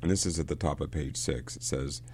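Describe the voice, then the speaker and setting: A man leading a casual book discussion, talking in a halting way and often repeating words as he reads passages and explains them. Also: extremely low pitch, darkish tone, husky.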